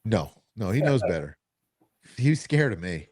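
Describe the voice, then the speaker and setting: A man co-hosting a casual talk show, telling stories with animated acted-out quotes. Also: lowish voice, normal speed, a crowd in the background. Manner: animated, acts out quoted dialogue. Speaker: co-host. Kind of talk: casual storytelling chat.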